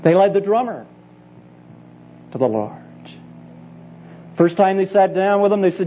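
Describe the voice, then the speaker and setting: Here the Bible college teacher, a middle-aged man, sounds high-pitched, expressive and mellow, speaking a little slowly with frequent pauses. He delivers an earnest, emphatic conference sermon to church leaders, drawing on personal stories and appealing straight to his listeners. The tape is dull and lo-fi, with a faint hum underneath.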